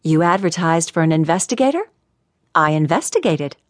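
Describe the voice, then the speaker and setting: A woman's voice: sits low, sing-song, normal speed, no room sound, clean studio sound. A woman voicing a confident, cocky young woman who is a computer whiz. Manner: brash, confident.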